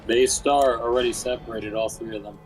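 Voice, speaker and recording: A male gamer talking through a match in a relaxed, sweary way, with a mid-range voice. Faint music plays behind him. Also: mid-range voice, a little fast, low-quality recording. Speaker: gamer on a stream. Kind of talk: casual gaming chat.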